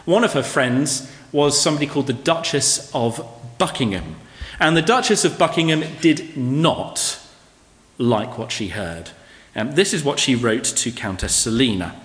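A man's voice: medium pitch, animated, normal speed, a bit bright. A man preaching a sermon to his congregation in a conversational way, asking rhetorical questions. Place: church hall. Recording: echoey hall with long reverb.

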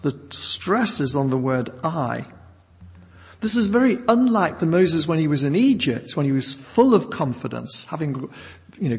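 A man delivering a measured, emphatic sermon, stressing single words to drive each point home. His slightly high voice carries a gravelly edge. The sound rings with the long reverb of a church hall. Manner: measured, emphatic teaching with pauses. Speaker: preacher.

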